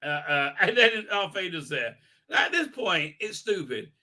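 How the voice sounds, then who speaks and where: Bright-voiced rambling man. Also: sits high, big pitch swings, normal speed. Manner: rambling, exasperated, crude, many fillers. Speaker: livestream host. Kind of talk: livestream fan commentary.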